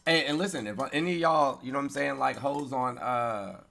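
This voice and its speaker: A man's voice: medium pitch, fairly quick, gravelly, fairly bright tone. A middle-aged man hosting a livestream, talking bluntly and casually to his chat in slangy speech. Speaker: livestream host.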